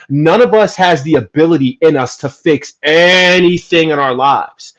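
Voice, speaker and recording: A man from New Jersey talking earnestly and emphatically in a casual podcast chat, making his case with animated bursts. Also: a little high, a little fast, few pauses. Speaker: podcast guest. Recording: dull lo-fi audio.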